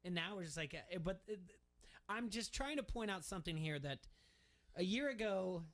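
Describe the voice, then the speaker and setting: A man's voice: high voice, expressive, normal speed, a bit bright. A man hosting a sports radio talk show, rambling and emphatic as he goes through numbers and repeats his words.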